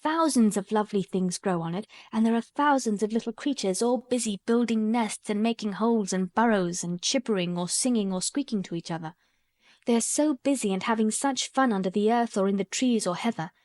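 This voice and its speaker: A woman's voice: mid-range voice, brisk, darkish tone, no echo, studio quality, natural voice. A woman reading the part of a stubborn, contrary young girl in an audiobook, speaking bluntly. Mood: earnest. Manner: blunt, obstinate.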